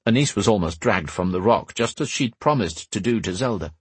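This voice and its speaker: A man narrating a fantasy audiobook in a measured storytelling manner, slowing for dramatic moments. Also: fairly low pitch, lively intonation, husky, no echo.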